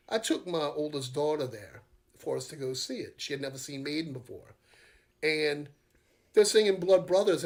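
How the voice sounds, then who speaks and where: A middle-aged man with a Southern US accent, his voice sitting a little high for a man. He chats casually as a podcast guest, telling long wandering stories, swearing freely and laughing easily. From Louisiana, US. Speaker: metal band singer and guitarist, podcast guest. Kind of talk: casual chat.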